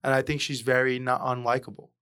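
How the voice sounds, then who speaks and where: A man's voice: mid-range voice, little pitch movement, sharp tone, smooth. A man chatting casually about a movie, opinionated and swearing freely. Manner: opinionated, swears casually, drawn-out delivery at times. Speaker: podcast co-host.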